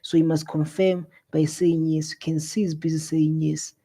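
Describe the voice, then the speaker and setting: A man's voice: fairly high pitch, level tone, moderate pace, warm tone. A South African man hosting a live reaction video, exclaiming and scolding with a lot of repetition.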